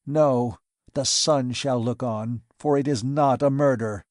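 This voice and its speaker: A man reading an audiobook, voicing a cold, determined man who speaks in grim, forceful declarations. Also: medium pitch, slow pace, no echo, clean studio sound, natural voice. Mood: grim resolve.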